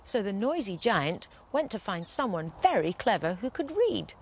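A woman reading a bedtime story aloud in a gentle, expressive storytelling manner. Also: medium pitch, moderate pace, husky.

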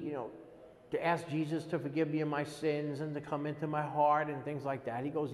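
A man in his sixties, an interviewee giving a halting, earnest personal testimony and often repeating words as he goes. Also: fairly high pitch. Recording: long echoey reverb.

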